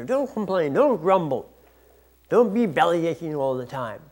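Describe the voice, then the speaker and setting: A man preaching a sermon in an earnest, explanatory way, restarting phrases now and then. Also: sits high. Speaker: pastor.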